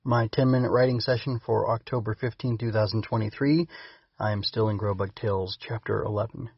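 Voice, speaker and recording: Husky, low-voiced man, casual rambling podcast host, lo-fi dull recording. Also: fairly even intonation, brisk, no room sound. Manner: rambling, self-correcting, chuckles. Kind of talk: casual chat and reading his own fiction.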